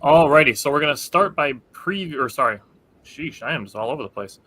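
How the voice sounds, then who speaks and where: A man with a bright, forceful voice hosts a casual sports chat over a remote call. He talks quickly, corrects himself as he goes and keeps the conversation moving. His mic sounds dry and close. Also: a little high, expressive, no room sound. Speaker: podcast host.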